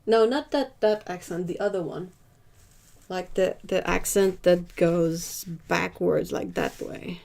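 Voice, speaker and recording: Chatty, emphatic woman, slightly low voice. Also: slow, creaky. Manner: chatty, answers viewers' chat; emphatic, lively complaining. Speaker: art livestream host. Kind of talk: casual livestream chat.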